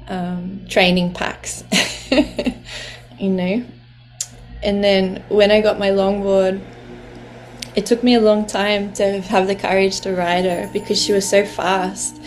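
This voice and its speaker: Woman telling her own story, kinda flat even tone, laughs a lot, bit of music behind. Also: medium pitch, slow pace, long pauses. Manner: heartfelt, laughs often, speaks of the ocean lovingly. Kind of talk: personal storytelling monologue.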